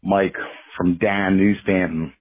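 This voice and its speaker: A man's voice: low voice, flat delivery, slow, husky. A man calling in to a podcast, rambling in a friendly, profane way, over a tinny phone line. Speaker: caller. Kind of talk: phoned-in voicemail.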